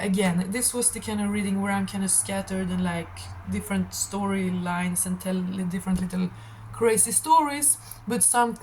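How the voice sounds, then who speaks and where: A nervous woman reads tarot for her viewers, her voice shaky as she speaks with blunt, impassioned feeling. She calls her listeners darling and swears freely. Her pitch sits in a middle range, with a faint hiss of noise underneath. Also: a little mellow, poor audio. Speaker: tarot reader. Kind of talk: channeled tarot reading to viewers.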